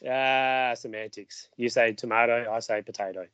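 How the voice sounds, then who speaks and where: A man's voice: mid-range voice, fairly even intonation, normal speed, a bit bright, clean tone. A man with a mid-range voice banters in a playful, joking way and asks curious questions as a podcast co-host. The sound is dry and close with no room echo, and somewhat dull. He speaks in a casual conversational style.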